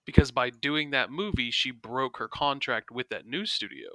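A man with a very bright, edgy voice chats bluntly on a podcast, often cutting in with questions. The sound is close and dry, with no room around it. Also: mid-range voice, lively intonation, moderate pace, no room sound, rough recording. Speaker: podcast co-host. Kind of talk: casual chat.

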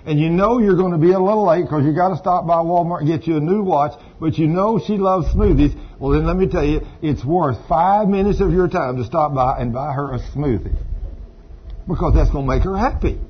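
A man's voice: fairly high pitch, husky. A man preaching a sermon, folksy and storytelling, with asides to the congregation. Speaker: pastor. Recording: dull lo-fi sound with faint ambience.

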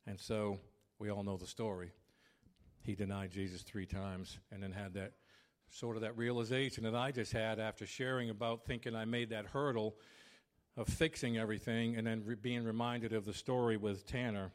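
A man in his fifties preaching a sermon as pastor, loud by habit and acting out household arguments with animated storytelling. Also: lowish voice, normal speed.

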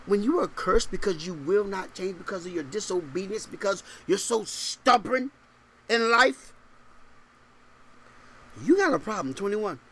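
A male pastor with a high-pitched voice preaches a little slowly, pausing often, over slight background noise. He reads scripture in old-style English, then animatedly fires off rhetorical questions in casual slang, laughing between points.

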